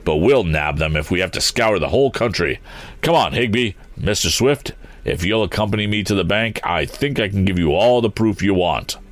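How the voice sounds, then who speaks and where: A man's voice: low voice, lively intonation, moderate pace, dry recording. A man voicing a grim middle-aged police chief in a read-aloud story, stammering at first and then firm and testy. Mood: testy, triumphant. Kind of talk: audiobook character voice.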